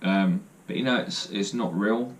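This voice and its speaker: A man's voice: fairly low pitch, a little slow. A young man chats straight to camera, telling stories and cracking jokes at his own expense. He rambles loosely and fills the gaps with ums and uhs. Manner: jokey, self-deprecating, rambling with fillers. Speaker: vlogger. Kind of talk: casual storytelling to camera.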